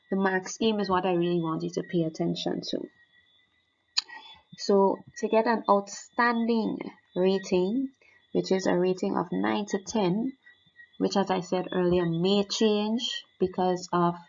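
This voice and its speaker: A woman's voice: mid-range voice, vocal fry, a little mellow. A woman teaching, walking students step by step through a French oral exam mark scheme and repeating the key points. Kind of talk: exam guide lesson. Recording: dull lo-fi sound.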